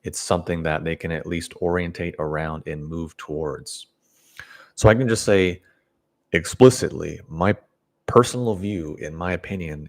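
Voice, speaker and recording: A man talking as a self-development teacher in a casual monologue, blunt and opinionated, rambling with restarts and short chuckles. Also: sits low.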